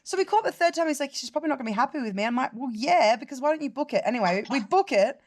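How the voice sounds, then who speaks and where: A woman's voice: high voice, rapid-fire. A young Australian woman vlogger telling a story in casual chat, swearing and acting out what others said. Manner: animated, sweary, quotes people in other voices.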